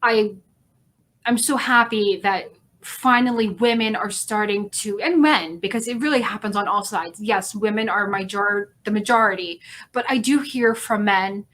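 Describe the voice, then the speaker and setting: A woman hosting a casual interview over a video call, effusive and heartfelt, rambling warmly with lots of fillers. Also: mid-range voice, normal speed. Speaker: host. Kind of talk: emotional casual interview chat.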